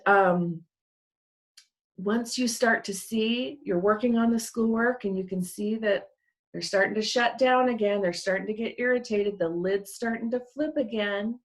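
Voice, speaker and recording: Middle-aged woman, parent educator, warm-hearted chatty webinar delivery, a touch of fry. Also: mid-range voice. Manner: earnest, conversational, gestures with a hand model. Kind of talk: webinar teaching.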